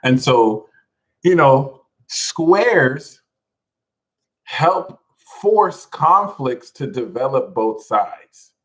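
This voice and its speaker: A man giving a live astrology talk to his audience in an animated, jokey manner with plenty of swearing. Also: mid-range voice, extremely slow, rough recording. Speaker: astrology reader.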